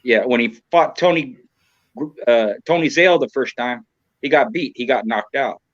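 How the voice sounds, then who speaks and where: A man's voice: mid-range voice, moderate pace, dry recording. A man of about sixty from Southern California talks as a podcast guest. He rambles in a frank, profane way, filling gaps with "you know." His voice sits in the middle of the male range, and the sound is dull, lo-fi and dry. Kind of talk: casual chat.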